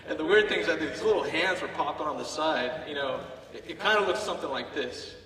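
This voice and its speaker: Male veteran storyteller, bright tone, playful delivery, distant in a reverberant hall. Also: on the high side, a little fast, slight background noise. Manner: playful, comic storytelling with acted-out asides. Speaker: military veteran telling his story on stage. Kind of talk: staged personal storytelling. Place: theater stage, heard from the audience.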